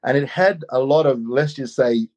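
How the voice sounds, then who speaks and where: A man telling a personal story in an animated way, often saying "you know". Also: mid-range voice, normal speed, dull audio. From Australia. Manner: animated, acts out quoted voices, many "you know"s.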